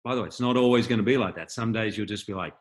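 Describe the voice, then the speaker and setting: A man with a somewhat low voice, speaking over a video call as an interviewee. He tells candid, reflective stories and shares his feelings openly. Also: very fast. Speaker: guest interviewee, patron of an acting school. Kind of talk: candid anecdotal storytelling.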